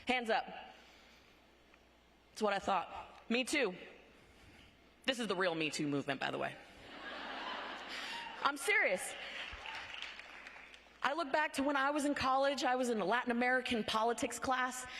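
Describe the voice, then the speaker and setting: A woman with a fairly high voice delivers a motivational speech at a conference. She talks in emphatic, punchy bursts and keeps asking her audience "right?". Her voice rings with the long reverb of a large hall. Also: lively intonation, normal speed, pauses often, a bit bright, a little hiss or hum. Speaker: conference speaker.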